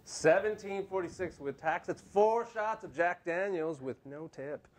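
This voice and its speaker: A man in his thirties doing a stand-up comedy set on a TV studio stage, deadpan and self-mocking. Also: high-pitched, unhurried. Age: 30s. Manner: deadpan, self-mocking punchlines with put-on quoted voices.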